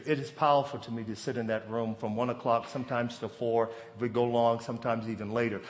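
A man in his forties preaching a sermon, telling stories and rising to loud, emphatic bursts. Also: mid-range voice. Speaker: pastor. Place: church sanctuary. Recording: long hall reverb.

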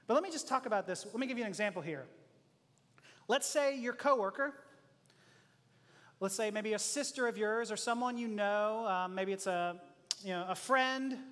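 A man's voice: very high voice, bright, forceful tone. A man preaching a conversational sermon who acts out short prayers and everyday dialogues and often chuckles. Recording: long hall reverb.

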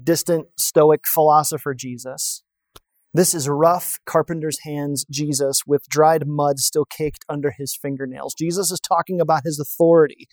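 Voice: mid-range voice, a little mellow, no echo. A pastor preaching a sermon in a conversational way, often asking the audience rhetorical questions.

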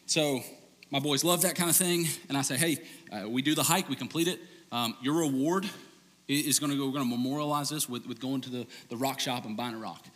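A man preaches, shifting from loose, lively storytelling to hushed emphasis. His voice is bright and tense with an edge. It rings with the long reverb of a large hall. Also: fairly quick. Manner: conversational storytelling, animated, ends low and hushed. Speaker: pastor. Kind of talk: sermon.

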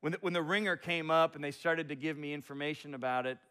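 A pastor delivers a sermon in a fairly high male voice. He moves from reading scripture to an animated, self-deprecating story about his own preaching. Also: fast, smooth.

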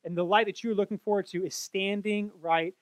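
A man's voice: high-pitched, fairly even intonation, fairly quick, no echo. A man explaining a Bible passage in an earnest way, often correcting himself mid-sentence. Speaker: Bible teacher.

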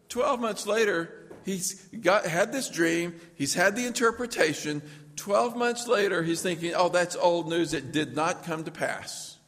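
A man's voice: medium pitch, creaky, a bit bright, in a large hall. A man preaching a sermon, reading scripture aloud and then explaining it in his own words. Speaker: pastor.

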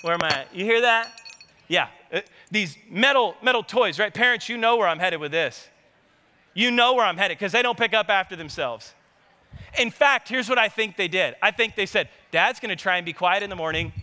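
A man as pastor, preaching a sermon with animated, conversational storytelling and asking the congregation to answer him. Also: sits high, normal speed. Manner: animated, conversational, engages the audience. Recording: long hall reverb.

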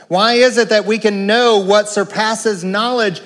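A man preaching a sermon, emphatic, moving between slow, low passages and raised, urgent ones. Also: fairly even intonation, fairly bright tone, long reverb tail.

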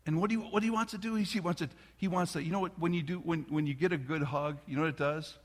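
A middle-aged man preaching a sermon as a pastor, telling a family story in a loose conversational way with restarts, sometimes dropping to a soft near-whisper. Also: a little high, steady tone, fast. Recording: long reverb of a large hall.

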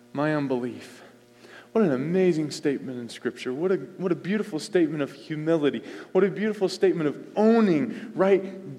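Male pastor, high voice, emphatic sermon delivery, repeats lines, long hall reverb. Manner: emphatic, repeats phrases, swings between loud and soft.

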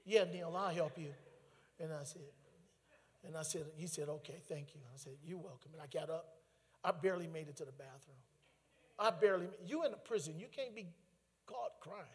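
A man giving a lively testimony sermon, telling a story with asides and bursts of laughter. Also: high-pitched, moderate pace. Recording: long hall reverb.

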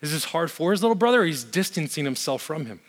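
A man's voice: a little high, big pitch swings, quick pace. A man, a pastor, preaching a sermon with emphatic repetition and joking conversational asides. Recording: long hall reverb.

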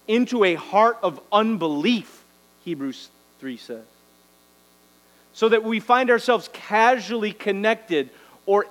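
A man's voice: high voice, low-quality recording. A man preaching a sermon, exhorting the congregation and tagging lines with "right?". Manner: exhorting, rhetorical "right?" tags. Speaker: pastor.

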